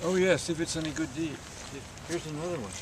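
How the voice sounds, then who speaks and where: An older grandfather telling a small child an animal story in a gentle, coaxing way, outdoors. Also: on the high side, fast talker, recorded from a distance, background noise. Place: outdoors in woods.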